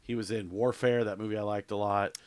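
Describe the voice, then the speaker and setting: A man's voice: on the low side, fairly even intonation, fairly quick, darkish tone, clean tone. A man co-hosting a podcast in casual chat, rambling and offhand with lots of fillers and restarts. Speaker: podcast co-host.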